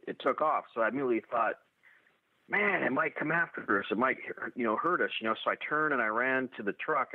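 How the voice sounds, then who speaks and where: Man, halting and full of restarts, dry tinny audio. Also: medium pitch, dry recording. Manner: halting, many restarts and fillers. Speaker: eyewitness telling an encounter. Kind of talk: first-person storytelling.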